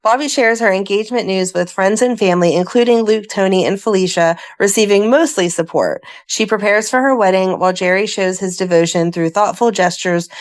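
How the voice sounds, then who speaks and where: A woman at a middling pitch recaps soap opera storylines for a fan podcast. She reads the summary in a relaxed, conversational way and keeps breaking off into her own asides. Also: fairly quick, hardly any pauses. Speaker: podcast co-host. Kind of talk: casual chat and recapping a soap plot.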